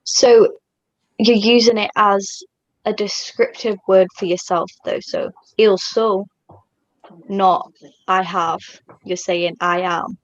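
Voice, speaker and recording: A woman's voice: mid-range voice, fairly even intonation, slow pace, lo-fi sound. A woman student in an online class, thoughtfully checking that she has understood. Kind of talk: asking questions in an online class.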